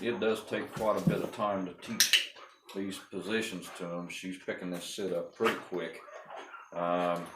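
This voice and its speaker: A man breeding and training dogs gives a casual, rambling talk on puppy training to a camera on the wall of a small room. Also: on the low side. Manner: folksy, rambling, with many ums and restarts. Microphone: fixed camera on the wall. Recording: echoey room with clear background noise.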